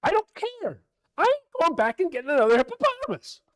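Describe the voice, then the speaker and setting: A man playing an exasperated old Noah yelling. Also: extremely high pitch, huge pitch swings, brisk, dry recording, voice pushed up, heavily acted. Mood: fed up. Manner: shouting, indignant.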